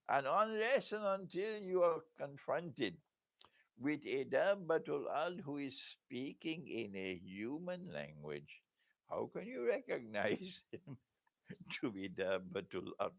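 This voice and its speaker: A man's voice: on the high side, sing-song, slow, no echo. An older man giving a religious lecture as an Islamic scholar, asking rhetorical questions and chuckling often.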